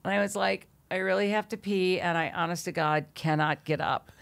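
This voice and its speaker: A woman's voice: fairly low pitch, steady tone, a little fast, vocal fry. Laughing, swearing woman telling a story. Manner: laughs often, swears, acts out quotes. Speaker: podcast guest. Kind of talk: animated storytelling.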